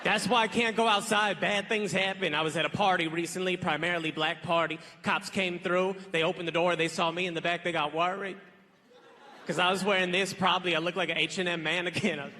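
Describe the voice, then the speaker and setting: A man's voice: high voice, fairly even intonation, a little fast, sharp tone. A young man performing a stand-up comedy set on a big stage, casual and punchy, with slangy asides. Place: large theater stage with live audience. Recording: live hall with crowd noise. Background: audience laughter and applause.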